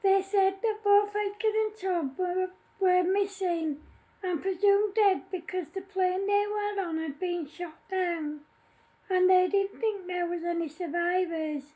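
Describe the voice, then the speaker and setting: Woman, very high voice, mellow tone, homemade story reading. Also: fairly even intonation, measured pace, low-quality recording. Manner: plain reading with small slips and restarts. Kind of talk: read-aloud storytelling.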